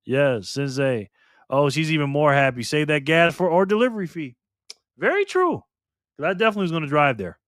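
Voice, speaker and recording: A man's voice: a little high, very animated, fairly quick, a bit bright, dry recording, studio quality. A man hosting a casual live stream, chatting loosely with viewers by name and repeating himself.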